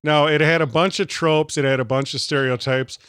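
A man hosting a podcast, chatting in a deadpan, teasing way. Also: fairly high pitch, fairly quick, clean tone, no echo, studio quality. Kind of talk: casual podcast chat.

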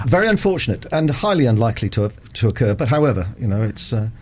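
A middle-aged man, a cricket umpire guest on a radio interview, explaining rules in a measured, methodical way with frequent ums and uhs. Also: medium pitch, big pitch swings, a little mellow, slight background noise.

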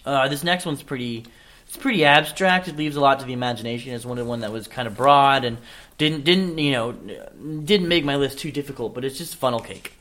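Male podcast co-host, deadpan comic delivery, casual and rambling. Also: medium pitch, brisk. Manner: deadpan absurd jokes, frequent restarts. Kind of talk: casual comedic chat.

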